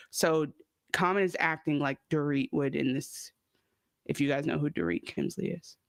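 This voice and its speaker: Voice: mid-range voice, no room sound. Joking podcast co-host, dry sound. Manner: quick, joking, drops pop-culture references. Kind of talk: casual TV recap chat.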